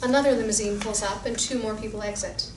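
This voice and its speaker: In a screenplay reading, a woman delivers the stage directions clearly and at a measured pace, her pitch in the middle range and her intonation fairly even. The recording sounds roomy and distant, with noise plainly audible behind her.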